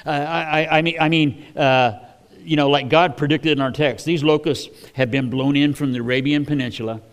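A man delivers a sermon in a relaxed, conversational voice. He talks in a folksy way, with many fillers and restarts, as if chatting with his congregation. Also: fairly high pitch, normal speed. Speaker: preacher.

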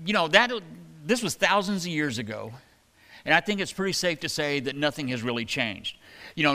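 A man preaching a sermon in a relaxed, conversational way, with plenty of fillers. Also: medium pitch. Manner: conversational, folksy, many fillers. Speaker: pastor. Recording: long hall reverb.

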